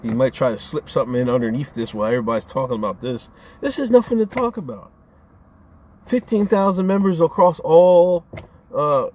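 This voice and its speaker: Husky man ranting with lively pitch. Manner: animated, profane, rambling with stammered restarts. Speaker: vlogger. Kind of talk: casual rant to camera.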